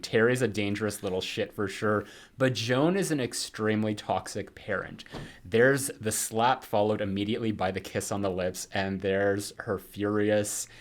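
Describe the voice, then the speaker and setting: A man's voice: lowish voice, a bit bright. A man co-hosting a podcast in casual chat, reading out listener comments and laughing often. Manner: chatty, laughs often, fillers.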